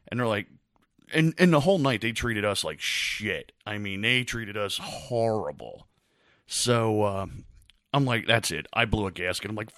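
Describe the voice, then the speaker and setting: Deep, lively man telling stories. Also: normal speed, no room sound, studio quality. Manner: animated storyteller, acts out quotes. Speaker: podcast co-host. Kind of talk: casual chat.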